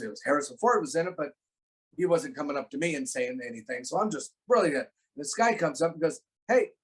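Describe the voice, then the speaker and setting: A man with a middle-pitched voice, a guest on a casual video call, spins a long story about a film set. He rambles, restarts and slips into the voices of the people in his tale. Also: low-quality recording. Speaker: guest actor.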